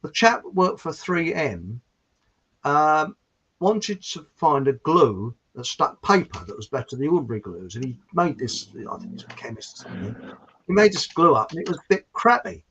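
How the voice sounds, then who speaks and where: Southern english guy rambling through stories on a call, husky voice, goes up and down a lot, muffled audio. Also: a little high, moderate pace. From southern England. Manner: chatty storyteller, animated. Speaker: guest. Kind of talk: casual chat on a video call. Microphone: video call.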